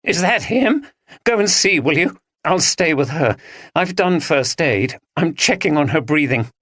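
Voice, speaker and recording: A man's voice: fairly high pitch, expressive, unhurried, fairly bright tone, dry recording, studio quality, voice pushed up. Brief: urgent man barking orders in a storybook crisis, read by a male narrator. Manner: urgent, commanding. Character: take-charge man urging others in a crisis.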